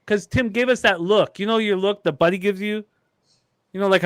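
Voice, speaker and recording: A man's voice: high-pitched, fairly quick, a bit bright, smooth, no room sound. A man, co-hosting a sports chat and telling a rambling, profane story with laughs. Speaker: podcast co-host.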